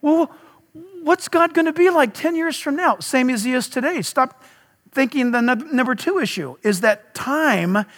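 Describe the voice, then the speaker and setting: A man's voice: very high voice, animated, moderate pace, fairly bright tone, in a large hall. A pastor preaching a sermon at a church service, emphatic, putting rhetorical questions to his audience.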